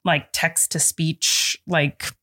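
A woman's voice: sits low, flat delivery, drawn-out words, pushed and bright. A young adult woman co-hosting a podcast in casual chat, laughing easily and talking over her partner. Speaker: podcast co-host.

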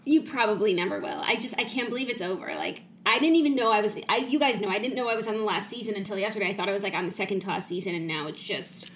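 A bubbly young woman co-hosting a podcast, chatting casually at a middling pitch. A faint hiss of noise sits under her voice. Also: racing, hardly any pauses, low-quality recording. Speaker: podcast co-host. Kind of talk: casual chat.

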